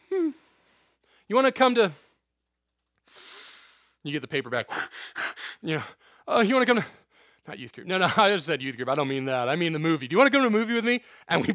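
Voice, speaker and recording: Higher-voiced male youth pastor preaching. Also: fairly bright tone, dry recording, studio quality. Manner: conversational, joking asides, checks in with "okay?". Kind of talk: sermon.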